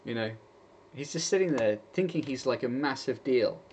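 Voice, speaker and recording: A man's voice: mid-range voice, animated, moderate pace, a little mellow, slightly rough. A man giving an exasperated, sarcastic opinion rant as a vlogger. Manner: exasperated, sarcastic, mocking quoted voices.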